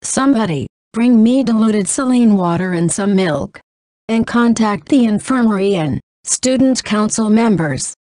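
Woman reading as a cold, crisp young lady. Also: medium pitch, expressive, unhurried, warm tone, dry recording, lightly acted. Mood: commanding. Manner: crisp, curt. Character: cool, composed young noblewoman.

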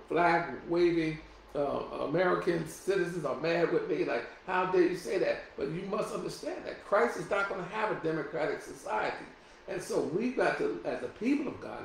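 A man's voice: mid-range voice, vocal fry, heavy reverb, slight background noise, low-quality recording. A male pastor preaching a sermon, reading from his notes with many restarts and asides. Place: church sanctuary.

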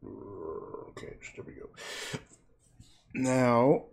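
Husky rambling man muttering while painting. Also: mid-range voice, animated, moderate pace. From Canada. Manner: rambling, mutters and swears to himself, drifts off topic. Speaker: painter streaming his work. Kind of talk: casual livestream chat while painting.

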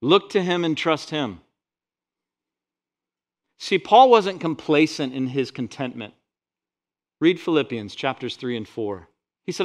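Pastor, male, fairly high voice, animated sermon delivery that swings between loud scripture and hushed asides. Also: a little slow, long pauses. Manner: animated preaching, swells loud on scripture quotes; drops to quiet, intimate asides.

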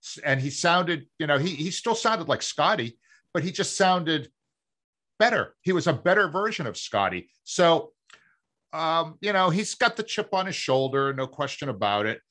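A middle-aged man from Massachusetts, co-hosting a sports podcast in a measured, explaining way. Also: very animated, bright, forceful tone. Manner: measured, explaining, lower when reflective. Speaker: producer and co-host. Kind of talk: casual sports talk.

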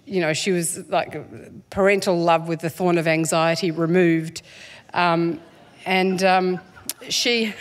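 A woman, an author guest, talking in a live stage interview, chatty and self-deprecating with frequent laughs and ums. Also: on the low side. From Australia, born in England.

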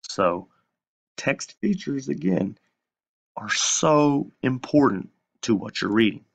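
Male teacher, recorded lesson, slow deliberate delivery, low gravelly voice, asks and answers his own questions. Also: a bit bright.

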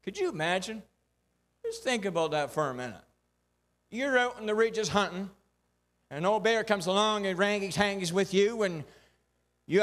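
A man's voice: high-pitched, expressive, moderate pace, long pauses, fairly bright tone. A male pastor, preaching a folksy sermon with rhythmic repeated refrains.

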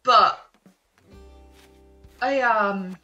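A young woman streamer rambling in casual chat, excitable, with lots of fillers and laughs. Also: mid-range voice, very slow, dull audio, faint music behind. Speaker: gaming streamer.

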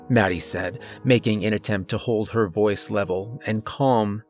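A man narrating a horror story in a measured, scripted storytelling delivery. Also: fairly low pitch, darkish tone, faint music behind.

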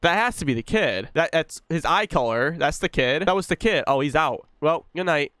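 A young man commentates a horror game with loose, joking profanity, scolding a baby in the game. His voice is clear and smooth, sitting a little high. It swings up and down a lot as he talks. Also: expressive, normal speed, fairly bright tone, no echo, studio quality. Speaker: gaming YouTuber. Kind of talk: let's play commentary.

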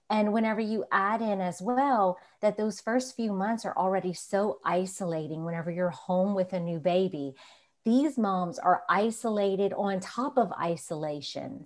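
A woman therapist on a talk show, calm and measured as she explains. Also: mid-range voice. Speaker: guest therapist. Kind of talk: conversational expert talk.

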